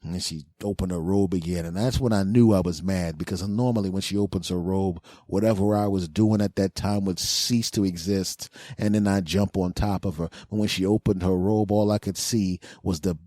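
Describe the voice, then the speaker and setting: Male comedian podcast host, crude animated storytelling, mellow darker tone, dry close sound. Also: sits low, moderate pace, hardly any pauses, no echo.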